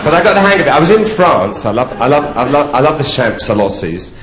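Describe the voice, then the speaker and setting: Bawdy camp drag comic on stage. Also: male voice, mid-range voice, very animated, quick pace, crowd noise. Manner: bawdy, camp, laughing at own jokes. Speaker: drag queen stand-up comedian. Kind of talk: live stand-up comedy. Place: theatre stage. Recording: echoey theatre with audience ambience.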